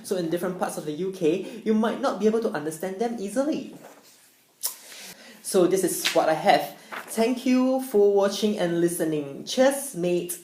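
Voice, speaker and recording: A woman's voice: mid-range voice, lively intonation, moderate pace, warm tone, slight background noise. A young woman, an international student, giving an upbeat explanatory presentation. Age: young adult. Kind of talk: presentation talk. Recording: echoey room.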